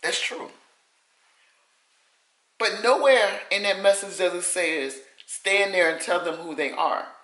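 A woman's voice: fairly low pitch, slow pace, pauses often, fairly bright tone, roomy sound, low-quality recording. A woman vlogger giving casual advice to the camera, emphatic and repeating her points with folksy sayings.

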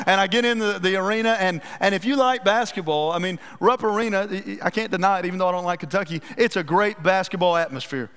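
A man preaching a sermon as pastor, telling stories in a folksy, animated, self-deprecating way. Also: high voice, fast, hardly any pauses, smooth. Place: church sanctuary. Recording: reverberant church hall.

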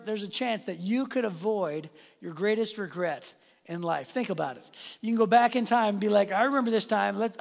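Pastor guy preaching, kinda gravelly, talks right to the crowd, big reverby church room. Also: sits high. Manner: animated, self-deprecating, addresses the audience directly. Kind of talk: sermon with personal storytelling. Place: church auditorium. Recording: long hall reverb.

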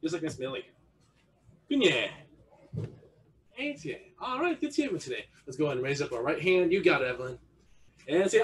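A man teaches young children martial arts over a video call. His voice sits high and swings up and down with lively energy. He coaxes and praises the kids, hamming it up with silly animal noises. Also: a little fast, long pauses, slight background noise. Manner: playful, encouraging, makes silly animal noises. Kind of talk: energetic online kids' class.

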